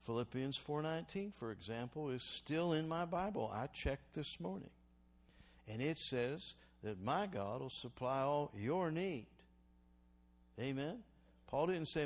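A man preaching a sermon as pastor, calling for responses from the congregation and swinging between loud exhortation and quiet reflection. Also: a little high, lively intonation, a little slow.

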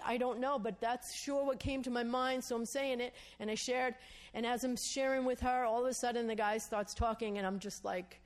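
A woman preaching a sermon in a voice of middle pitch. She tells a story and acts out the dialogue in it. She keeps asking her listeners to agree. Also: steady tone, brisk. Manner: storytelling, acts out quoted dialogue, asks the audience "Amen?". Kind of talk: sermon testimony.

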